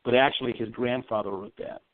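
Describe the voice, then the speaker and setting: A man's voice: medium pitch, steady tone, a little fast, creaky. A man, a psychic medium guest, telling a long rambling story in a radio interview, full of ums and restarts. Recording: tinny phone line.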